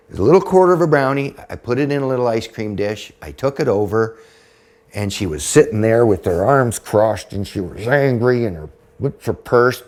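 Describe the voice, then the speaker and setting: A man in his fifties, a podcast guest, telling a personal story in a blunt, profane, animated way. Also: on the low side, normal speed. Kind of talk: storytelling in casual conversation.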